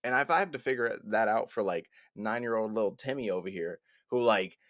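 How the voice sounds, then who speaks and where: A young man co-hosting a casual podcast chat, loud and animated, swearing and laughing often. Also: lowish voice, fairly quick, no echo, clean studio sound. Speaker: podcast co-host.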